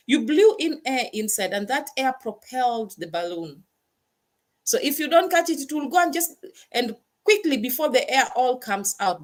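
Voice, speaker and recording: A woman hosting a motivational talk, stressing points by repeating words. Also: a little high. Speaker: host.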